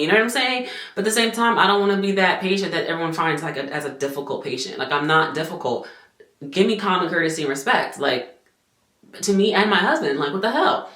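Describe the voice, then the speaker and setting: A young woman talking straight to camera in a fairly low voice, with a roomy echo around her. She is animated and blunt in this casual story. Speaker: vlogger. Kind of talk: casual chat.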